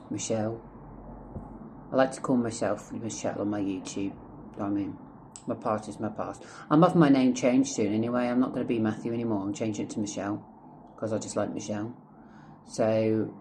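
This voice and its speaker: A man's voice: fairly low pitch, noisy background. A Scottish man telling a rambling personal story in a casual vlog, chatty and swearing often. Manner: rambling, chatty, heavy swearing, drifts off topic. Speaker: vlogger.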